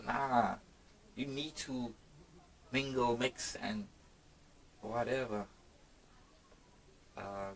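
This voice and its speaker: A man from South Africa, a hip-hop artist, talking in a casual interview with a reflective, halting manner full of restarts. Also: mid-range voice, a bit bright, low-quality recording.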